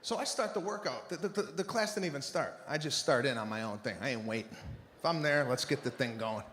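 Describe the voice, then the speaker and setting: A male stand-up comedian telling stories in an exasperated, animated way on a large theater stage. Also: mid-range voice, a little fast. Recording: echoey theater with long reverb and audience noise.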